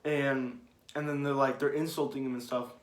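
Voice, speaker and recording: A man's voice: mid-range voice, moderate pace. A young man chatting casually about his favorite anime moments, rambling and restarting. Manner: rambling, restarts, grows excited and loud. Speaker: anime commentator. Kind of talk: casual ranking chat. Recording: echoey room.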